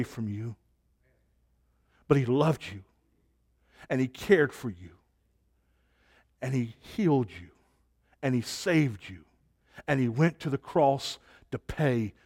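A man delivers a sermon at an unhurried pace, his voice sitting in an ordinary middle register. He builds his points through repeated phrases and lets the close of each line drop away softly. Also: medium pitch, lively intonation, husky. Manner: slow, rhythmic preaching with repeated phrases and soft trailing endings. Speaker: pastor. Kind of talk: sermon and closing prayer.

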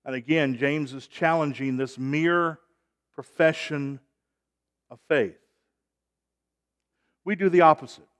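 A man's voice: fairly high pitch, fairly even intonation, takes it slowly, pauses often. A man delivers a sermon from the pulpit. He preaches emphatically and swells in volume to drive home each key point. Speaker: pastor.

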